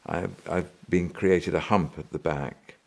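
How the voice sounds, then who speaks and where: A man, an actor, explaining his character in a behind-the-scenes interview, in a deliberate, demonstrative way. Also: deep voice, steady tone, gravelly.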